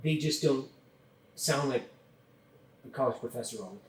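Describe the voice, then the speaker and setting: A man's voice: mid-range voice, normal speed. A man hosting a podcast, talking emphatically in casual chat and swearing freely. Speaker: podcast host. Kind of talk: casual conversation. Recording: roomy sound, distant from mic.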